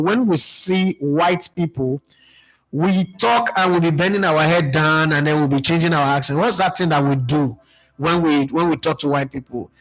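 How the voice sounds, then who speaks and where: A man from Nigeria with a Nigerian accent, hosting a sports channel in casual opinion commentary, asking rhetorical questions and often jumping up in pitch. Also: normal speed, fairly bright tone, faint music behind.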